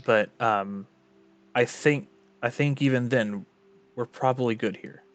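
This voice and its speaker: A man's voice: medium pitch, measured pace. A man playing in a tabletop game, speaking hesitantly with ums and restarts. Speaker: player. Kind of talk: casual tabletop play.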